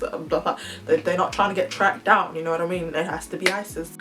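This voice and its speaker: A young woman from Denmark, a vlogger telling a story in a casual, animated way with slang and laughter. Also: fairly low pitch, rough recording. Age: young adult.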